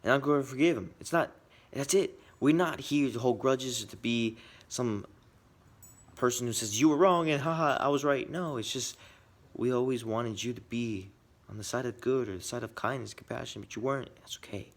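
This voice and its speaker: A man giving earnest personal commentary, swinging between quick bursts and quiet, reflective asides. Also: mid-range voice. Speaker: video essayist.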